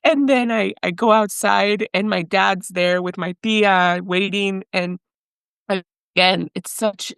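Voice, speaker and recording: A young adult woman from Mexico, a podcast guest telling her own story in a lively way with frequent laughter, dropping Spanish words into her English. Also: medium pitch, unhurried, vocal fry, clean tone, dry recording. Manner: animated, laughs often, mixes in Spanish. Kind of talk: storytelling in an interview.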